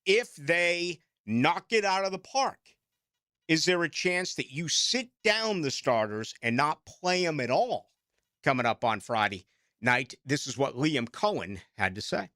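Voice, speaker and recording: A man's voice: on the high side, animated, a little slow, sharp tone, no room sound, studio quality. A middle-aged man with a Boston accent, hosting late-night sports talk radio in a rambling, self-mocking way.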